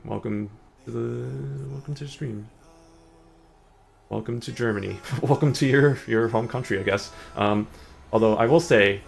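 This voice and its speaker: A young adult man streams a game, chatting casually and ramblingly with lots of fillers. His voice is on the low side and creaky. Faint music plays in the background.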